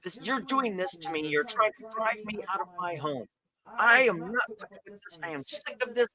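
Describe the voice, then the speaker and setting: A man's voice: high-pitched, lively intonation, fairly quick, a crowd in the background, pitched above the performer's own voice, rough recording. A man voicing a huge, desperate half-orc woman who screams accusations in a tabletop game. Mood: furious. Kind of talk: tabletop game role-play.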